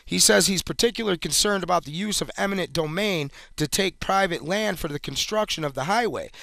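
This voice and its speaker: A male show host talking through political commentary in a conversational way, with plenty of "uh"s. His fairly high voice has a gravelly fry, recorded dry and close. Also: fairly quick, bright, forceful tone, dry recording. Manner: conversational, hesitant fillers.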